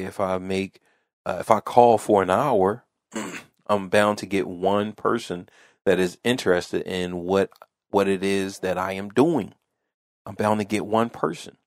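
A man's voice: sits low, dry recording, clean studio sound. A man hosting a podcast, telling a casual story in a rambling way that repeats phrases and restarts often. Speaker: podcast host.

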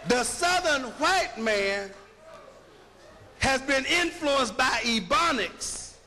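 High, bright-voiced man lecturing emphatically. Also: expressive, takes it slowly, in a large hall. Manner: emphatic, preacherly, with rhetorical questions and spelled-out words. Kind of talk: public lecture.

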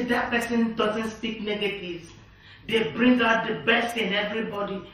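Slow, bright-voiced woman preaching. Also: mid-range voice. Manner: repetitive, emphatic declarations. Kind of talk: sermon. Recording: echoey room, distant mic.

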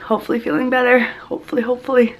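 A woman's voice: fairly high pitch, little pitch movement, very fast, background noise. A young woman vlogging to camera, gushing and emotional, and sick and near tears. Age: young adult. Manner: gushing, emotional, says "oh my gosh" often. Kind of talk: casual vlog to camera.

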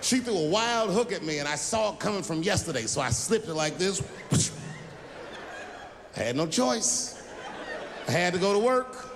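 A man performing stand-up comedy, telling stories with animated delivery and acting out voices. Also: sits high, fairly quick, few pauses, background noise. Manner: animated storytelling, acts out voices. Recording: stand-up special in a large hall with audience.

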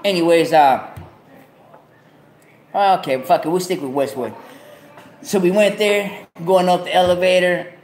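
Loud profane man. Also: high-pitched, unhurried, long pauses, slight background noise. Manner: profane, loud street slang. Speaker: podcast host. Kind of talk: casual storytelling. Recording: echoey room.

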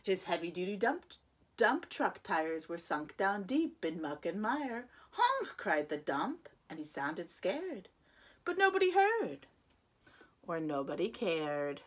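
A woman, a preschool teacher, reading a children's picture book aloud with expressive, sing-song phrasing. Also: fairly low pitch, unhurried, slightly rough.

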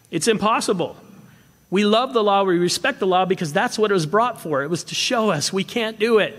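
A man preaches with an animated delivery, driving some points hard and dropping to a near hush on others. His voice sits a little high for a man. The sound carries a long reverb from the hall. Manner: animated, swinging from emphatic to hushed. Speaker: pastor. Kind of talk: expository sermon. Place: church sanctuary.

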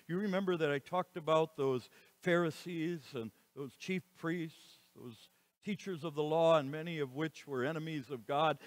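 Man preaching, rising to loud emphasis. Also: fairly high pitch, no echo. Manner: preaching, swings between soft and loud emphatic lines. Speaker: pastor. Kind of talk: sermon. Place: church.

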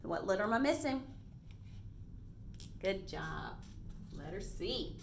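A first grade teacher records a video reading lesson for young children. She talks at a medium pitch in a bright, encouraging voice and praises the kids often. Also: animated, takes it slowly, creaky, slight background noise.

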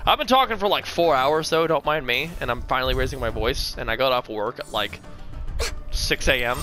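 A video creator giving excitable card game commentary, taunting the opponent and shouting at big plays, hoarse from earlier yelling. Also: mid-range voice, a little fast, soft background music.

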